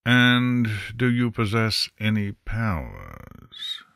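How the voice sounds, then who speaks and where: A man voicing a male angel prosecutor who questions a witness in a measured way. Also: lowish voice, wildly swooping pitch, vocal fry, fairly bright tone, no room sound, studio quality, full character voice. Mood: probing.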